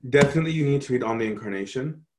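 A man teaching a Bible study, answering questions in an animated way and often checking in with "right?". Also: medium pitch, very fast, background noise.

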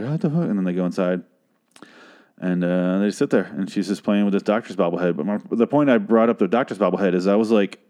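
Low-voiced man ranting through a recap. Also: a little mellow. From Phoenix, Arizona, USA. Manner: rambling, sarcastic, swears a lot. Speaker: podcast host. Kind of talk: casual profane TV recap.

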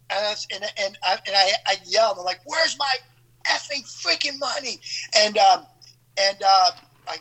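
A man's voice: high voice, bright, forceful tone, low-quality recording. A man in casual chat as host, telling stories with frequent laughter. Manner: chatty, laughing storyteller.

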